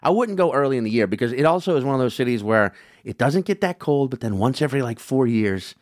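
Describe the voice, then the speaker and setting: Man, podcast co-host, joking, very animated pitch, dry sound. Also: fast talker, dry recording. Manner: joking, expressive, knowing about the city. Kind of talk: casual podcast banter.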